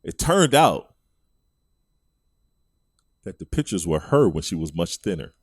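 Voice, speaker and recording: Slangy laughing man, lively low voice. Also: unhurried, slightly rough, no echo, studio quality. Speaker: podcast co-host. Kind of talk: casual chat.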